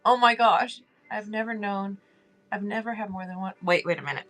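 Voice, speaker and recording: A woman's voice: mid-range voice, fairly quick, fairly bright tone, soft background music. Chatty woman hosting a livestream. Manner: chatty, friendly, reads chat aloud, laughs often. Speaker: livestream host. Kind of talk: casual livestream chat.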